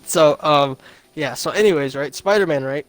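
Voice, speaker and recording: A man's voice: fairly high pitch, normal speed, crowd noise. A young man co-hosting a podcast, rambling through a movie recap, swearing and laughing. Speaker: podcast co-host. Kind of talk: casual movie review chat.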